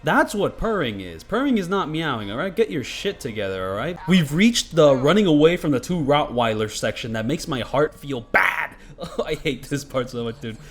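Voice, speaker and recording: With soft music playing behind him, a man with a highish, very animated voice gives gameplay commentary at a moderate pace. He's a rambling, profane commentator who fills his talk with "like" and "you know."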